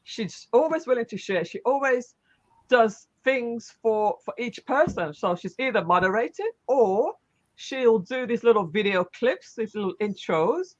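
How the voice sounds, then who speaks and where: Woman hosting a live stream, lively pitch. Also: a little slow, muffled recording. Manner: warm, repetitive praise with frequent restarts and fillers. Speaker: host of a live online talk show. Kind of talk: casual live-stream chat.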